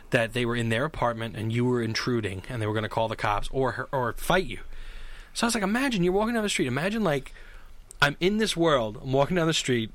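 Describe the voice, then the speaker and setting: A man co-hosting a casual chat, telling stories with energy and acting out other people's voices. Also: mid-range voice. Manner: animated storyteller, acts out shouting voices.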